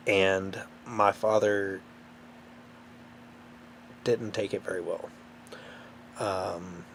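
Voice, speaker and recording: A man telling a personal story to camera, emotional and halting, close to tears, with many fillers. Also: lowish voice, gravelly, a bit bright, slight background noise. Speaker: vlogger.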